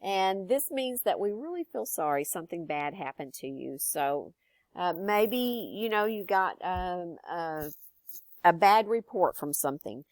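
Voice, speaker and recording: An older woman, teaching students in a gentle, encouraging way. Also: lowish voice, expressive, unhurried, dry recording. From Texas. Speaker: educator. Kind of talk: friendly recorded lesson for students.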